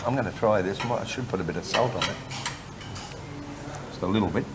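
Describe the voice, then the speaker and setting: A man's voice: lowish voice, fairly quick, background noise. Jokey man chatting over a meal. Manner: jokey, chatty, talks while eating. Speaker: travel show host. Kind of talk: casual chat over a meal. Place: restaurant.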